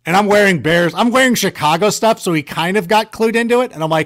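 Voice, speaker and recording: Animated rambling man telling stories. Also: high-pitched, fairly quick. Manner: animated, rambling, self-mocking. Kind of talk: casual storytelling chat.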